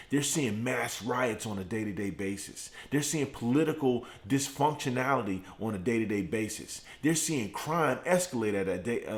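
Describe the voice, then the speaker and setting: A middle-aged man hosting a motivational morning live stream from his home garage, preaching with fired-up repetition while deliberately keeping his voice turned down. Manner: fired-up preaching with repeated phrases, speaking in a deliberately lowered voice. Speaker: host of a morning motivational show.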